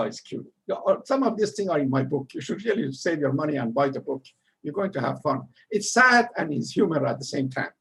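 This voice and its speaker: A man's voice: fairly high pitch, gravelly, breathy edge. An older man from Iran, telling his immigrant story in a rambling, humorous way. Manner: rambling, humorous, laughs at himself. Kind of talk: casual storytelling talk.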